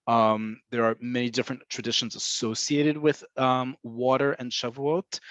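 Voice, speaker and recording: A man's voice: medium pitch, no echo. A man giving an online webinar lesson on Hebrew vocabulary, explaining patiently with frequent "um"s and "right?" check-ins. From Israel-based. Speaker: Hebrew teacher.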